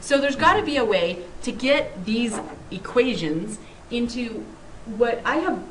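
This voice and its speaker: A woman's voice: on the high side, expressive, measured pace. A woman math teacher co-teaching a recorded lesson in a playful, upbeat way, joking about the math. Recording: distant mic with faint noise.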